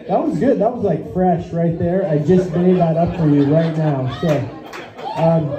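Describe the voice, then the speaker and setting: A man's voice: sits high, normal speed, a crowd in the background. A young man doing a stand-up set, rambling, swearing often and laughing at his own jokes. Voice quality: profane, rambling, self-amused. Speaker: stand-up comic. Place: small comedy venue. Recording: echoey lo-fi club recording.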